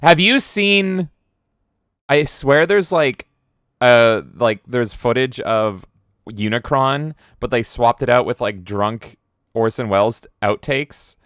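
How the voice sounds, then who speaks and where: Male streamer, excitable, swears a lot, loud goofy outbursts, smooth resonant voice, dry close sound. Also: mid-range voice, slow, dry recording. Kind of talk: casual live-stream chat reading viewer comments.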